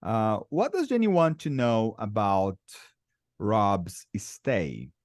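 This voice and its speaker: A Brazilian man teaching an online English lesson, patient and slow, repeating words for his students. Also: fairly low pitch, very animated, no room sound, studio quality. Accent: Brazilian Portuguese. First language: Portuguese.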